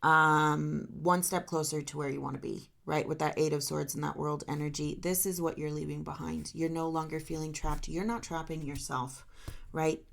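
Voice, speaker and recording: A woman's voice: sits low, level tone, normal speed, vocal fry. A woman doing a solo tarot reading, talking straight to her viewers in an emotional, encouraging way. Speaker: tarot reader.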